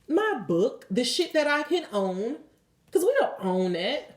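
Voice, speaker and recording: A woman's voice: high-pitched, very animated, a little slow, roomy sound. A woman tarot reader giving a blunt, emphatic spiritual pep talk and leading affirmations, swearing freely.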